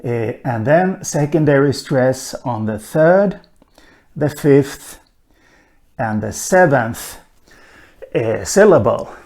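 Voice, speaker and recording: A man lectures at a slow, deliberate pace, his voice sitting at an ordinary middle pitch. He fills his pauses with frequent "uh" sounds and now and then slips in a dry aside. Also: animated, darkish tone. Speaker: lecturer on linguistics. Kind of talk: recorded online lecture.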